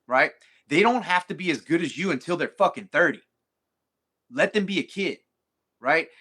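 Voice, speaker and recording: A man's voice: mid-range voice, sharp tone. A middle-aged man talking bluntly and profanely as a jiu-jitsu coach in a casual podcast chat.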